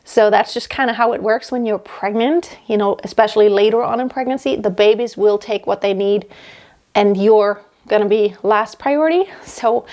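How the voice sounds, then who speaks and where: A woman's voice: on the high side, a little mellow. A woman in her thirties, out of breath, chatting in a rambling way with many restarts in a casual pregnancy update from her home workroom. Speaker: vlogger.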